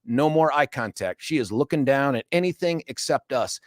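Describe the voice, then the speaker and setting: A man's voice: mid-range voice, animated, normal speed, no room sound, studio quality. A middle-aged man hosting a talk radio show, animatedly retelling a quarrel and acting out both sides. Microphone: studio microphone.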